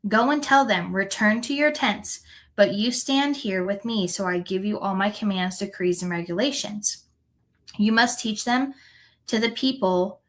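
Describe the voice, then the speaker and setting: A woman reading scripture aloud in an earnest, unhurried way, now and then correcting a word. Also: mid-range voice, a bit bright, poor audio. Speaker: scripture reader.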